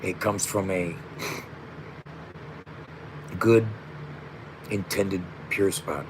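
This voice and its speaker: A man's voice: low voice, very slow, noisy background. Emotional, emphatic rapper in his fifties. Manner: emphatic, repetitive, street slang, emotional. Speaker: rapper and platform founder. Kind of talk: heartfelt direct-to-camera monologue.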